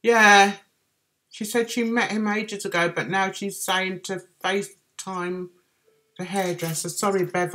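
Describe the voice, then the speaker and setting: Cockney woman, middle-aged, unhurried chatty livestreamer with a bright voice. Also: medium pitch, fairly even intonation. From London, England. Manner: chatty, reads out and answers viewers' comments. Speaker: livestream host reading chat. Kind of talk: casual chat.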